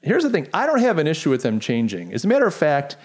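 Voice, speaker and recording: A man's voice: fairly high pitch, quick pace. Middle-aged man, sarcastic podcast host. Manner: animated, sarcastic, rhetorical questions. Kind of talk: casual podcast commentary.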